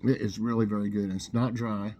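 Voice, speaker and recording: A man with a lowish voice hosts a casual snack review show, talking a little fast. He's relaxed and chatty, eating as he talks, with slight background noise.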